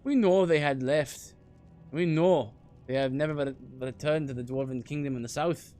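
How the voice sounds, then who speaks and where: A man reading a gloomy, fatalistic old male dwarf's game lines slowly in an attempted Scottish accent, with some stumbles. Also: a little high, a little mellow, faint music behind, natural voice. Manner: slow, solemn, faltering reading. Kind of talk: reading game dialogue aloud.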